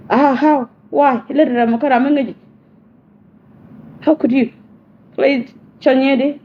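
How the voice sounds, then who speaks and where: A woman's voice: high-pitched, slow, pauses often. Pleading woman, tinny phone audio. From South Sudan. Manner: pleading, repeats herself insistently. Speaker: message sender. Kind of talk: personal spoken message. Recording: tinny phone-line audio, faint hiss.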